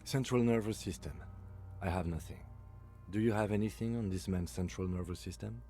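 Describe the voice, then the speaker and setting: An actor voicing a calm, methodical male police lieutenant in a game, speaking in a dry, clinical, composed way. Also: on the low side, fairly quick, faint music behind, lightly acted. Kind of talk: game voice acting.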